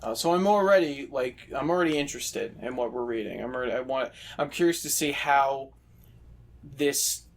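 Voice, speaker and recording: A man's voice: medium pitch, moderate pace. A man in casual podcast chat, joking, teasing and swearing freely. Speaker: podcast co-host.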